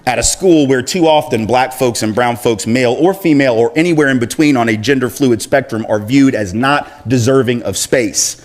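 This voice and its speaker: A man's voice: medium pitch, moderate pace, few pauses. A man giving a public speech as an activist, telling a personal story in a conversational, self-deprecating way and chuckling as he acts out the voices in it. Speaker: activist speaker.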